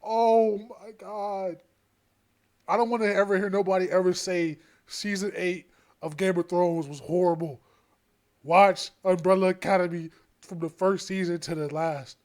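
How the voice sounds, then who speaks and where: A man's voice: high voice, fairly even intonation, normal speed, a little mellow. A man reacting to a show in a casual, exasperated way, slangy and swearing. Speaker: show reviewer.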